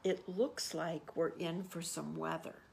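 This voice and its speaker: A woman's voice: deep voice, little pitch movement, slow, gravelly, darkish tone, a little hiss or hum, exaggerated voice. Woman reading as a kindly father possum. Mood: calm.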